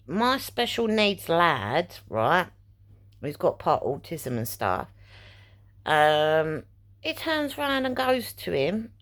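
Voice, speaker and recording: A middle-aged woman telling a personal story in a casual vlog, indignant and rambling as she re-enacts conversations. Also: fairly low pitch. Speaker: vlogger.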